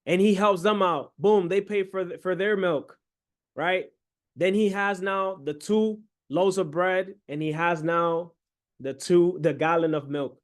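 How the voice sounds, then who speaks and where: A fairly high-voiced young man telling a story as a sermon. He voices the excited son with high, quick bursts and drops low and slow for the father's calm words. His delivery is lively and plain-spoken. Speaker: preacher.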